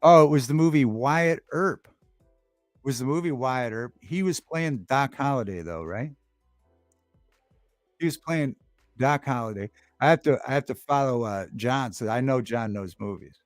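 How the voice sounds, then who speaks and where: A man's voice: mid-range voice, animated, unhurried, no echo, studio quality, soft background music. A man hosting a livestream talk show, chatting casually, reading the chat aloud and repeating favorite movie lines with relish.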